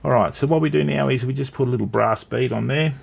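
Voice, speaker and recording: A man's voice: mid-range voice, fast, creaky, breathy edge. A man with an Australian accent hosting a casual live stream, chatting and greeting viewers while he works with his hands.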